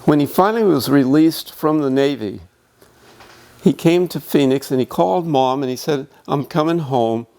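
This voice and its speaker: An older man, a museum docent, telling a childhood memory in a halting, emotional way. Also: a little high, creaky, darkish tone. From United States. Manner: reminiscing, emotional, halting with restarts. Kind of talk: panel storytelling. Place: museum meeting room.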